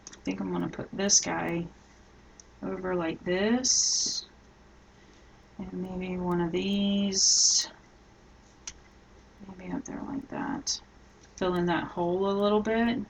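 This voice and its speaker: A middle-aged woman hosting a live scrapbooking tutorial, chatting casually and thinking aloud as she works, often trailing off softly. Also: lowish voice, steady tone, takes it slowly, vocal fry, long pauses, a little hiss or hum, rough recording.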